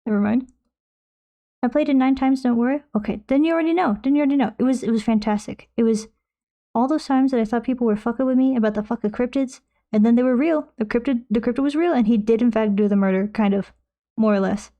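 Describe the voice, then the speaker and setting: A woman's voice: a little high, fast, highs cut off. A woman streaming while she paints, chatting in a rambling, jokey way and slipping into silly voices. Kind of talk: casual chat while painting.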